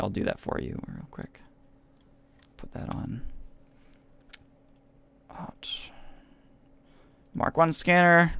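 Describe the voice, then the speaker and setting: Gravelly-voiced man running a game. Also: medium pitch, fairly bright tone, no echo. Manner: easygoing, explains rules patiently. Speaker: game master.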